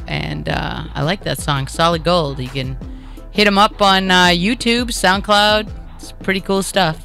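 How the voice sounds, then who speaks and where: Bright Boston-accented woman host. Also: on the low side, measured pace, creaky, faint music behind. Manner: chatty, joking, rambling with fillers. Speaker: radio show host. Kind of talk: casual comedic chat.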